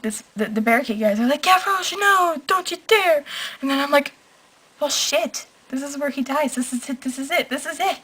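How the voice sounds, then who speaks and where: Young woman, late-night vlog rant, slightly high voice, effusive, rambling, emotional. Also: fairly bright tone, poor audio. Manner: gushing, emotional, rambling with many "like"s. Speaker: vlogger. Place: at home at night. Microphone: camera.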